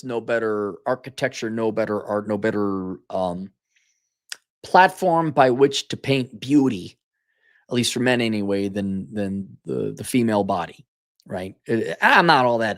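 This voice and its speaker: A man's voice: mid-range voice, very animated, normal speed, a bit bright. A man hosting a show, talking in a blunt, profane, sarcastic casual monologue and reading out viewer comments. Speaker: host.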